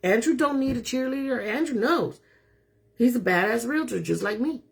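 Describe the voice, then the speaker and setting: A woman's voice: a little high, animated, normal speed, creaky, breathy edge. A middle-aged woman real estate agent talking casually to viewers, emphatic and self-assured. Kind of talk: casual live talk to viewers.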